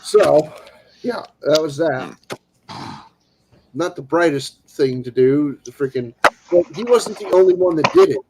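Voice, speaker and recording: Rambling, animated male streamer, slightly high voice, casual anecdote style. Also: unhurried, long pauses, noisy background. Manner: animated, acts out quoted people; rambling with restarts. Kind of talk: casual storytelling.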